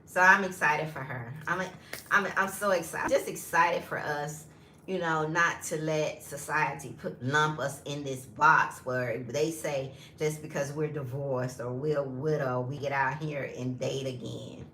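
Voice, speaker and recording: A woman in her fifties telling viewers a story in a casual, animated vlog, often calling them y'all. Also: deep voice, unhurried, echoey room, slight background noise. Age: 50s. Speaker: lifestyle vlogger.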